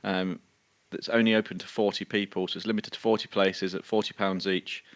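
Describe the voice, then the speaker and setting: Very deep, flat-voiced British man. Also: brisk. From United Kingdom. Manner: steady, matter-of-fact, with many ums. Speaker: podcast co-host. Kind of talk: casual news roundup.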